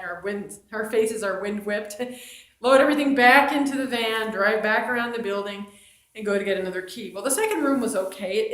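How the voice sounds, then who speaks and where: A woman's voice: mid-range voice, fairly bright tone. A woman from New Jersey telling a personal faith testimony in a chatty, conversational way. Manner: conversational, chatty with fillers and restarts. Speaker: storyteller on her own channel. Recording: roomy echo.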